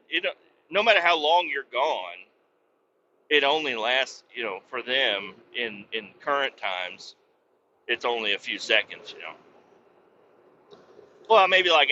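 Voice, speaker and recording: A man's voice: mid-range voice, pushed and bright, lo-fi sound, a little hiss or hum. A man hosting a podcast, telling an absurd story in a rambling, profane way with many fillers. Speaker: podcast host. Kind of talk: comic storytelling.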